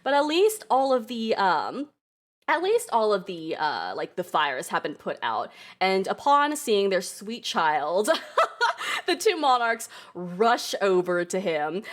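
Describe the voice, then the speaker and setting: Giggly woman with a lively voice. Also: mid-range voice, unhurried. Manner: giggly, laughs often. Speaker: game master. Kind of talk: narrating a tabletop game.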